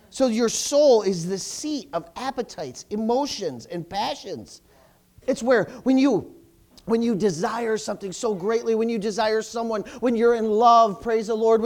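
A male pastor preaching a sermon, asking for amens and swelling to loud, fervent cries. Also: high-pitched. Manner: preaching with call-outs for amens, rising to loud fervent crying out.

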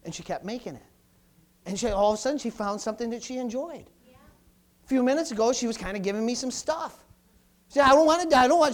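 Guy preaching, call and response, loud then hushed, keeps saying hallelujah. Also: high voice. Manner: call-and-response, repetitive exclamations, swings from loud to soft. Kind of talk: sermon.

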